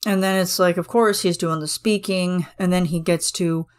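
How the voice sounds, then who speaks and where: A woman's voice: lowish voice, fairly even intonation, normal speed, clear, resonant tone. A woman hosting a podcast, chatting casually and gushing enthusiastically about a music video, with many fillers. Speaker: podcast host.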